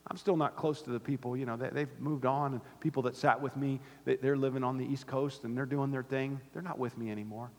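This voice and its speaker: A pastor preaching a sermon to his church, swinging from fervent high calls to low, quiet points. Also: fairly even intonation, fairly quick, hardly any pauses. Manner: impassioned, rising to near-shouts then dropping low. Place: church sanctuary. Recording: long hall reverb.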